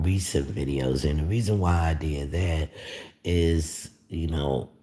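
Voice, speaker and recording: A man's voice: a bass voice, a little mellow. A man chatting casually on a livestream, rambling with lots of fillers and cursing freely. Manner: rambling, profane, meandering with many fillers. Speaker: YouTuber on a livestream. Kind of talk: casual live-stream chat.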